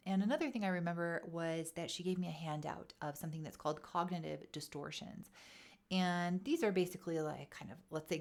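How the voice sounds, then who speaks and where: A woman casually telling a personal story to camera in a vlog, chatty and animated, acting out quoted thoughts. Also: fairly low pitch. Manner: chatty, animated, acts out quoted inner voices. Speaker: wellness vlogger.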